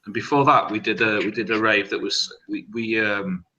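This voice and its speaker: A man, telling rambling, halting party stories with a lot of swearing in an open online hangout. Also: fairly low pitch, steady tone, pushed and bright, muffled recording. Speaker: hangout participant. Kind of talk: casual storytelling.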